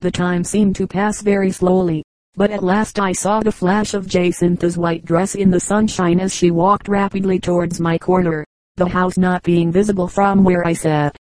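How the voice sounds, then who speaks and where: A woman narrating an audiobook in a steady, measured reading. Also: lowish voice, no echo, rough recording. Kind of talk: scripted narration.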